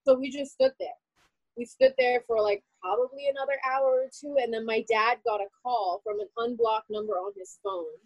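A woman telling a painful personal story in an interview, animated and full of "like" fillers. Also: high-pitched, normal speed, gravelly, dry recording, rough recording. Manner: animated, heavy use of "like" fillers.

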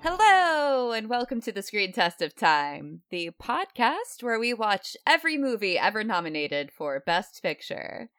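A woman hosting a podcast in casual chat, laughing easily and unhurried. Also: medium pitch, very animated, fairly bright tone, smooth, dry recording, studio quality, faint music behind. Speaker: podcast host.

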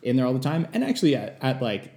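A man interviewing a chef, asking loose casual questions and giving quick agreeing replies. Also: mid-range voice, very animated, mellow, echoey room.

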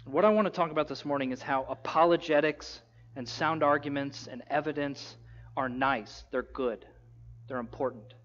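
A man preaching a sermon, retelling a story with lively, casual acted-out quotes. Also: mid-range voice, moderate pace, highs cut off. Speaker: pastor.

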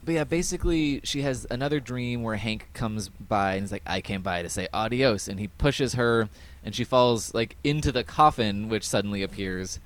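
A man hosting a podcast, casually recapping an episode in a rambling way with many fillers and quick quoted voices. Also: medium pitch, expressive. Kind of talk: casual chat.

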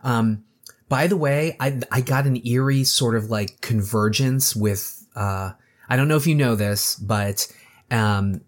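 A man casually discussing a horror movie with a co-host, animated and acting out lines as he talks. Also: medium pitch, measured pace. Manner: animated, acts out quotes, conversational asides.

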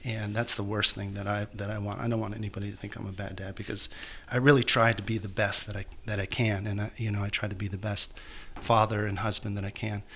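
Bright-voiced man telling a personal story. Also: on the low side, little pitch movement. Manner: halting, emotional, many restarts. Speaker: guest author.

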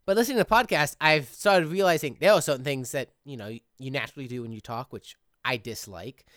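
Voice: mid-range voice, quick pace, fairly bright tone, dry recording, clean studio sound. A podcast host who edits the show, chatting casually in long, reflective run-on thoughts. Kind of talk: casual chat.

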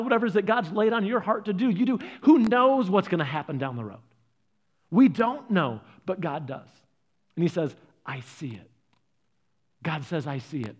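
A man's voice: high voice, muffled recording. Earnest man preaching a sermon. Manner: earnest storytelling, swinging from loud stresses to soft, hushed lines. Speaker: pastor.

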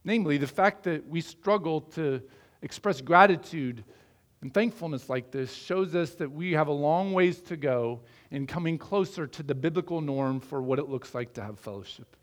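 A middle-aged pastor from the American Midwest preaches in an earnest, conversational manner, repeatedly posing rhetorical questions to his congregation. His pitch is slightly higher than most men's, and he speaks at a moderate pace.

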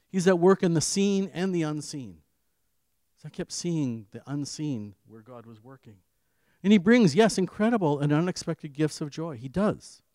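A man giving an earnest devotional sermon, telling his own story and swinging between firm emphasis and quiet asides. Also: mid-range voice, no echo. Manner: earnest, rising on key phrases and dropping to quiet asides. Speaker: preacher. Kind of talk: devotional sermon with personal testimony.

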